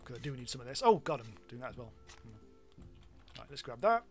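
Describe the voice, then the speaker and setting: A man's voice: medium pitch, sing-song, moderate pace, faint music behind. A British man streaming a game live, chatting casually and rambling with self-mocking asides and frequent ums. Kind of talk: live gameplay commentary.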